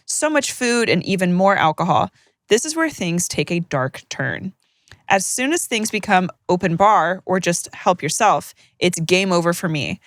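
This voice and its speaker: A woman co-hosting a podcast, reading listener stories aloud with joking, animated banter. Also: mid-range voice, dry recording, clean studio sound. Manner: animated, joking, laughs mid-sentence. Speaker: podcast co-host.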